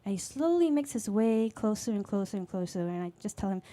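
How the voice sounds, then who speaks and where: On stage at a live speaker event, a woman from Singapore in her late 20s, who teaches music, tells a personal story with candor, fillers, and voiced quotes. Her voice is mid-range and dark in tone, expressive and fairly quick.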